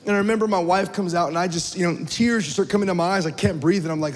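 A man's voice: high voice, racing, hardly any pauses, in a large hall. A man in his thirties giving a sermon, telling a personal story earnestly, often repeating his words. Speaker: pastor.

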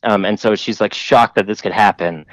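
A man's voice: fairly low pitch, fairly even intonation, normal speed, no echo, rough recording. A man hosting a podcast, telling a long story in a rambling, profane way full of fillers. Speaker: podcast host telling stories. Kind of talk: casual storytelling.

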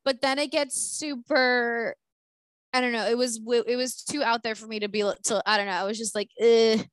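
Chatty woman with a higher voice. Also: fairly even intonation, normal speed, fairly bright tone, no echo. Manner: chatty, laughs often, trailing restarts. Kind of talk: casual chat.

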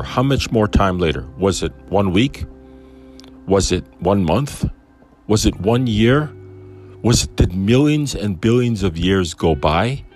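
A man's voice: lowish voice, a little mellow. A man teaching on a Bible passage in a casual, musing way, asking lots of rhetorical questions.

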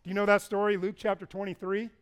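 A man preaches a sermon, telling the stories in an animated way and putting on voices for the people in them. His voice sits high and sounds smooth. He jumps between calm teaching and loud, excited retelling. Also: fast talker. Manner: animated storytelling, acting out the people in the story with a raised voice. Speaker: pastor.

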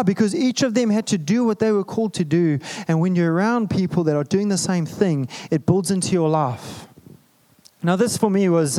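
A male pastor delivers a sermon in a relaxed, chatty way. He jokes and makes asides to the listeners, and his voice sits a little high for a man. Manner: conversational, humorous preaching with asides.

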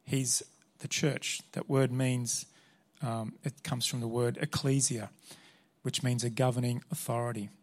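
A man's voice: medium pitch, level tone, measured pace. A man preaching a sermon, earnest and emphatic as he reads Scripture and drives his points home. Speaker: pastor.

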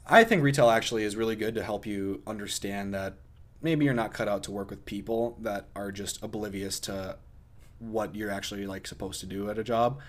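A man's voice: on the low side, fairly quick. A young man co-hosting a podcast in casual chat, joking around and laughing often. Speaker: podcast co-host.

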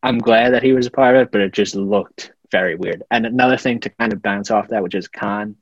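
A man's voice: on the low side, no room sound. A young man co-hosting a podcast, chatting casually about a movie and stumbling over his words with many restarts. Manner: halting, stammering restarts. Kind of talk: casual movie review chat. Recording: dull lo-fi mic.

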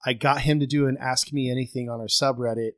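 A man's voice: mid-range voice, steady tone, quick pace, a bit bright. A man co-hosting a podcast in casual chat, rambling and self-deprecating with lots of fillers, on a home microphone over a remote call. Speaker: podcast co-host.

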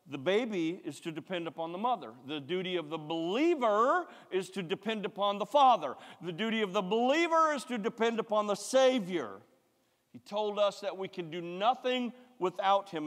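A man preaching a sermon, emphatic and repetitive, swinging from loud to hushed. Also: high voice, animated, fairly quick. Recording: long hall reverb.

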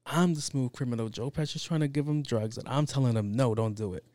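A man's voice: mid-range voice, fairly quick, dark tone, no room sound, lightly acted. A man doing a breezy, self-assured pop star. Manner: breezy, insistent.

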